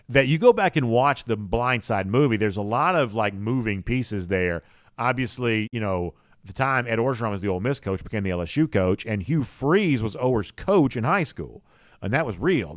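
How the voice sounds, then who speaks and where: A man's voice: lowish voice, no echo, studio quality. A man hosts a live show, reading viewer comments in an easygoing, rambling way with many fillers. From rural US South. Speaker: podcast host.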